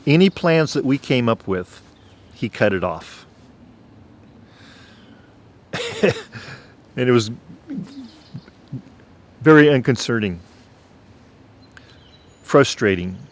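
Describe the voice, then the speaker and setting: A man telling his faith testimony on his own channel in an earnest way, clearing his throat at times. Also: mid-range voice, very animated. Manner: slow, earnest, preacher-like. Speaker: channel host.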